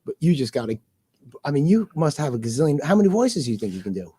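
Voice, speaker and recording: A man hosting a casual chat, lively and teasing, asking quick questions. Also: fairly high pitch, slightly rough, no echo. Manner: lively, teasing, laughs often. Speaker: host.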